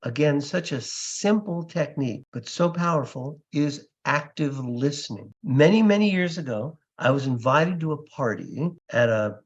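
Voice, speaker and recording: A man's voice: fairly high pitch, expressive, normal speed, hardly any pauses. An older man, a comedy magician and podcast guest, telling stories with animation and acting out other people's voices. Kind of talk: storytelling interview answer. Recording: slightly dull lo-fi sound.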